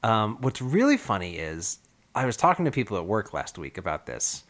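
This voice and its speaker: A man's voice: on the low side, very animated, moderate pace, fairly bright tone. A man co-hosting a casual podcast chat, explaining what he has looked up, with frequent ums and easy laughter. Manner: explanatory, laughs often, hesitant fillers. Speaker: podcast co-host presenting research.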